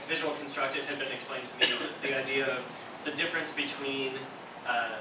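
A man in a class, explaining a concept in a measured way. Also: medium pitch. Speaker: student. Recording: distant echoey mic with room noise.

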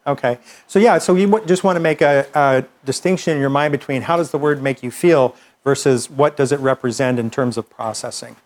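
A man's voice: mid-range voice, fairly quick. A man teaching a class, explaining ideas with examples and often restarting his sentences. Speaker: instructor.

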